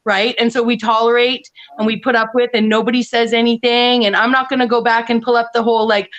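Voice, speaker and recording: A woman with a fairly high voice chats casually as a guest on an online panel. She rambles, restarts her sentences often and breaks into laughs along the way. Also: expressive, fairly quick, a bit bright, highs cut off.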